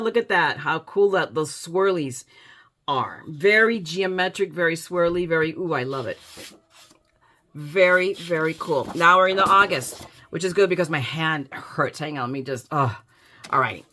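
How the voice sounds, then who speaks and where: A woman's voice: fairly low pitch, measured pace, pushed and bright, a little hiss or hum. A woman showing off a paper haul in a casual vlog, gushing with enthusiasm and reading quotes aloud. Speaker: scrapbooking vlogger.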